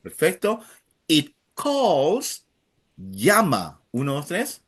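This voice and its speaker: A man's voice: on the high side, wildly swooping pitch, slow pace, fairly bright tone, slightly rough. A man teaching a live Spanish class, drilling students by counting in and praising each answer.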